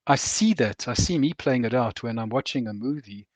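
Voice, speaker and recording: An older man talks about hard things in an earnest, measured voice, pitched at an ordinary middle. He slows down and weighs each heavy word. The sound is close and dry, with no room echo. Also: expressive. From Rhodesia. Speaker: veteran author and counsellor. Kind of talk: reflective interview talk.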